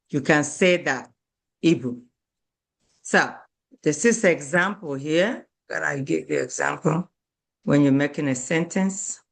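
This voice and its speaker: A woman teaches a beginner class over a video call, with a voice of ordinary pitch for a woman. She speaks very slowly and repeats each word and phrase so her young learners can follow. She stresses the syllables and turns firm when a child stops listening. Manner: firm with children who do not pay attention. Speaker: language teacher. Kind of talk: online beginner language lesson.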